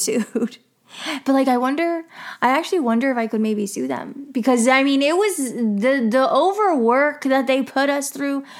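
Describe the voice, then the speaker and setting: Young woman vlogger, a bit high, chatty storytime with lots of "like", swears freely. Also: fairly bright tone. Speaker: vlogger telling a work story. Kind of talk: casual storytime monologue.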